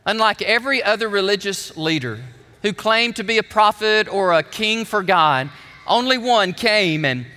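A man preaching a sermon, telling the story with animated emphasis while showing objects. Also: high voice, moderate pace, long reverb tail.

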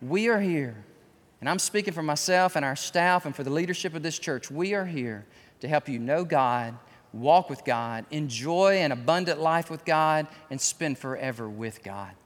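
A man preaching a sermon, acting out voices of sinners and then pleading softly in prayer during the invitation. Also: on the high side, expressive, normal speed. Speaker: pastor. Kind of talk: sermon with altar call. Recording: church hall reverb.

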